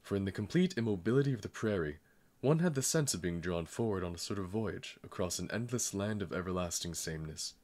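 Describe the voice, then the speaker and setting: A man reading a novel aloud in calm, measured narration. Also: deep voice. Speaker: audiobook reader. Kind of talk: scripted narration.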